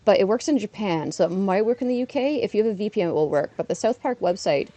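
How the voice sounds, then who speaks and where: A chatty woman in her thirties streams a mobile game and rambles through asides. She laughs easily, and her voice sits mellow and warm on a dry, close mic. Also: mid-range voice, lively intonation, fast, no echo. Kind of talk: casual live-stream chat while gaming.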